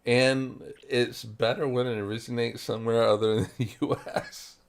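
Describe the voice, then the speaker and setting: A man's voice: medium pitch, flat delivery, normal speed. A man from South Carolina, co-hosting a casual podcast chat and rambling with lots of fillers and restarts. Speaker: podcast co-host.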